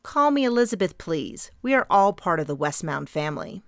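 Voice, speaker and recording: A woman's voice: on the low side, sing-song, normal speed, vocal fry, a bit bright, dry recording, clean studio sound, full character voice. A woman voicing a confident, poised businesswoman who owns a company, speaking in a gracious, composed way.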